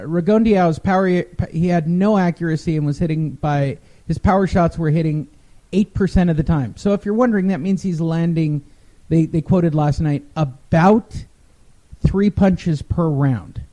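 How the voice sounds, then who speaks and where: A man's voice: a little high, a little slow, warm tone. A man co-hosting a casual sports talk show, recapping fights in a wry, rambling way. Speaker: podcast co-host.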